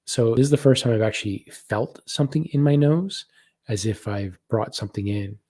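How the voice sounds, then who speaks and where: A man hosting a live spiritual practice session, reading viewer comments and describing what he senses in a slow, soft-spoken way. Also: medium pitch, breathy edge. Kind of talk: live guided meditation session.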